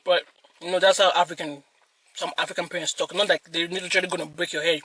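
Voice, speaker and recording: A young woman hosts a mukbang, telling a story in a lively, laughing way and dropping in Yoruba phrases. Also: lowish voice, quick pace, breathy edge, poor audio. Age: young adult. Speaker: mukbang host. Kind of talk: casual storytelling while eating.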